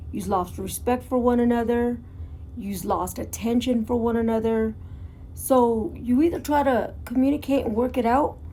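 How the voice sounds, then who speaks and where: Sitting at home in pajamas, this motorcycle vlogger shares her story in a candid, earnest, casual way, cursing freely. Her voice sits a little high and sounds a little mellow.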